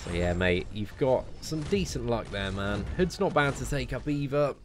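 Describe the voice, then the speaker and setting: A young British man casually answering viewer questions on a game live stream, relaxed and chatty, often tagging sentences with "man.". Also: medium pitch, normal speed.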